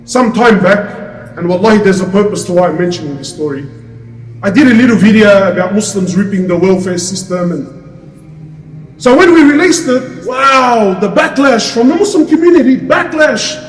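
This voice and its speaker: A man's voice: sits high, animated, moderate pace, soft background music. A man preaching an Islamic lecture to a crowd, passionate and full of rhetorical questions. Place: lecture hall. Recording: echoey hall, distant mic.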